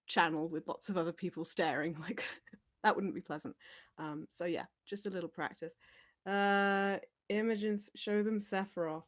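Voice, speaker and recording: A woman teacher chatting casually on a livestream, rambling and giggling, with lots of fillers as she reads out viewer comments. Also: on the low side.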